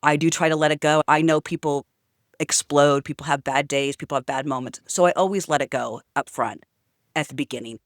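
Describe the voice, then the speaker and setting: A woman's voice: low-pitched, steady tone, fairly quick, dry recording, studio quality. A woman telling a story to camera in a casual, outspoken rant. She swears freely and fills her talk with chatty asides. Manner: chatty with many fillers. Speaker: vlogger.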